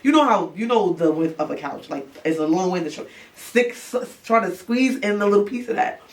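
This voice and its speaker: A young woman from New York, casually telling a story, animated and swearing, acting out the voices. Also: lowish voice, moderate pace. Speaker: rapper. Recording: distant mic, background noise.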